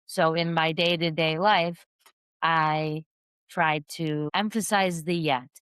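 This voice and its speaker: A woman with a notably low, smooth voice speaks as a podcast guest, a parent coach who explains her ideas in an earnest, measured manner. The recording is close and dry, with no room sound. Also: fairly even intonation, a bit bright, dry recording. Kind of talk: podcast interview.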